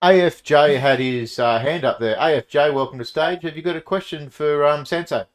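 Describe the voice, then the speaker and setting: A man's voice: fairly high pitch, normal speed. An Australian man hosting a casual chat, upbeat and enthusiastic. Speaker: host.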